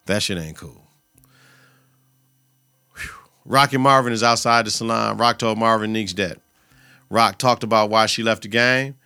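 Male podcast host, bright gravelly voice, dry close sound, slangy profane recap. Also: medium pitch, moderate pace, pauses often, no room sound. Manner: profane, slangy retelling with quoted lines. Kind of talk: casual TV episode recap.

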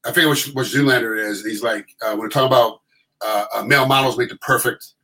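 A middle-aged man telling stories in casual chat, animated and acting out quotes in other voices. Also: medium pitch, quick pace, rough recording.

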